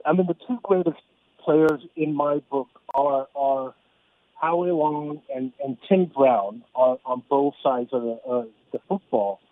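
Male radio caller, halting and repetitive, tinny dry phone line. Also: mid-range voice, no echo. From Southern California. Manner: halting, repeats words while thinking. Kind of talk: phone-in call.

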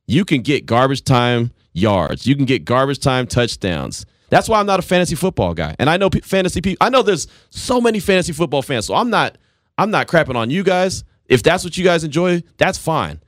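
A man in his forties hosting a casual sports talk show, telling stories with animated voices. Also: a little high, brisk, no echo, clean studio sound. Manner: animated storytelling, acts out voices.

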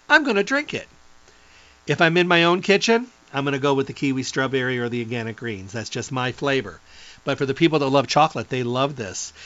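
A middle-aged man giving an enthusiastic, rambling product pitch as a nutrition presenter, reeling off long lists. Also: a bit bright, dry recording, dull audio.

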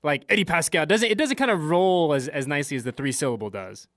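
A man's voice: fairly high pitch, expressive, quick pace, fairly bright tone. A man co-hosting a sports talk radio show, bantering with the host.

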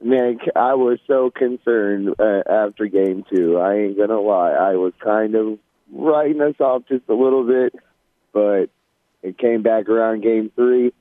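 A man's voice: lowish voice, measured pace, no room sound. A male caller to a sports radio show, talking casually and eagerly like a fan. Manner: casual, enthusiastic fan talk. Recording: phone line.

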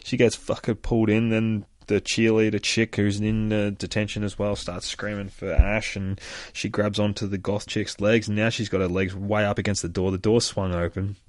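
A man retelling a comic book in a casual, profane, excitable way, laughing often. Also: lowish voice, moderate pace, no room sound.

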